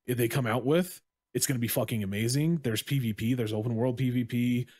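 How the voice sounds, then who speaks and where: A man's voice: medium pitch, a little fast, mellow, no room sound, clean studio sound. A man co-hosting a gaming podcast, rambling through casual chat with many restarts and casual swearing. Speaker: podcast co-host.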